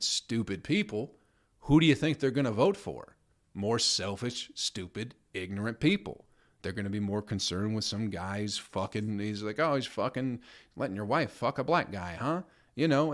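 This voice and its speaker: A man hosting his own podcast, ranting with heavy swearing and mocking put-on voices of other people. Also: fairly low pitch. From United States. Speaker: podcast host. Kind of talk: profane comedic rant.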